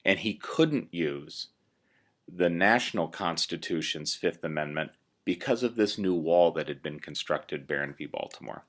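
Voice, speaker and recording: A man's voice: low voice, lively intonation, a little slow. A man teaching a recorded lesson, explaining step by step with many "uh"s and "um"s. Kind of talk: recorded classroom lecture.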